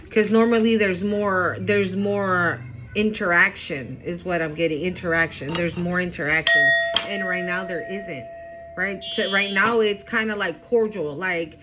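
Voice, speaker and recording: An intuitive card reader, a woman with a mid-range voice, gives her viewers a casual spiritual reading on a rough recording. She's emphatic and chatty, swears casually, and gets excitable, her volume swinging quickly up and down.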